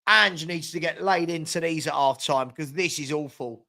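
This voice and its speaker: Guy doing a live footy watchalong, highish voice, fed up with his team, chatting to the viewers. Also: normal speed, creaky, sharp tone. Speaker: watchalong host. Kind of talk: live football watchalong commentary.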